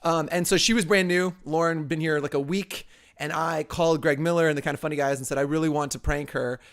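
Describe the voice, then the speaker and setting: A man co-hosts a casual talk show, talking quickly in a slightly high voice. He rambles through his stories with lots of fillers and false starts. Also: fairly even intonation, fairly bright tone. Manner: rapid and rambling, with many fillers and restarts. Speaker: co-host. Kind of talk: casual storytelling chat.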